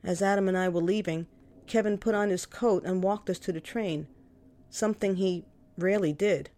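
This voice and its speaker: A woman tells her own family story in the first person, wry and candid. Her pitch sits in an ordinary middle range, and her delivery is conversational rather than polished. It sounds like a personal memoir read aloud. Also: steady tone, moderate pace, dark tone. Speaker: memoir narrator.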